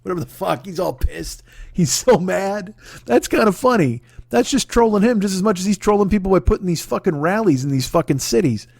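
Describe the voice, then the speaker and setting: A man's voice: high voice, expressive, fairly quick, vocal fry, a little mellow, no echo. A man in his forties hosting a comedy podcast, ranting in a sweary, exasperated, rambling way. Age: 40s. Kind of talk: profane comedic rant.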